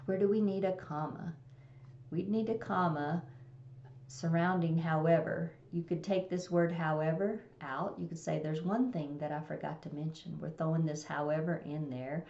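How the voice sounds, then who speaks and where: A woman's voice: sits low, steady tone, moderate pace, darkish tone. A woman teaching a recorded grammar lesson, explaining plainly and reading example sentences aloud. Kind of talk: recorded test-prep lesson. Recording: echoey room, dull lo-fi sound.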